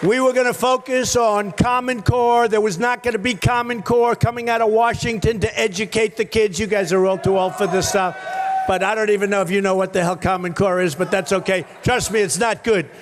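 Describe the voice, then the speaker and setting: A man, a political candidate, giving a rambling, repetitive rally speech on a stage microphone in short punchy phrases, often shouting to the crowd. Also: sits high, fairly even intonation, brisk, slight background noise. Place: large rally venue with a crowd.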